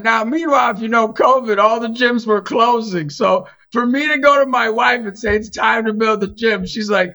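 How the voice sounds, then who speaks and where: Man, middle-aged, high voice, bright tone, casual storytelling, animated, acts out quotes, slightly muffled lo-fi audio. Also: normal speed, hardly any pauses. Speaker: Catholic evangelist and youth basketball coach. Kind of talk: casual storytelling in a podcast chat.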